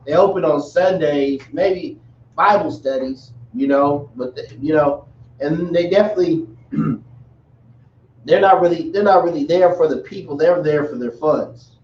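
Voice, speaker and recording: A religious teacher gives a casual, rambling lesson full of jokey asides in an unhurried, slightly high voice. The recording is echoey, dull and distant, with a little hiss or hum.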